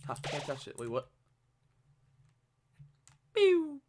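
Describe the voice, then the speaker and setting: A man giving casual let's-play commentary, excitable and rambling, breaking into restarts and shouts. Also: mid-range voice, normal speed. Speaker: gameplay channel host.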